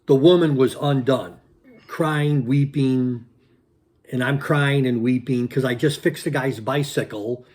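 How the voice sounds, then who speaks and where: On his channel, this host recounts something that happened to him, repeating himself and throwing in punchy sound effects with lots of energy. His voice sits in the middle range.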